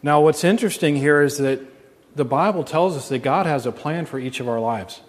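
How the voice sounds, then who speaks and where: A man's voice: a little high, a little fast. A man preaching a sermon as pastor, earnest, asking his congregation questions. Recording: long reverb.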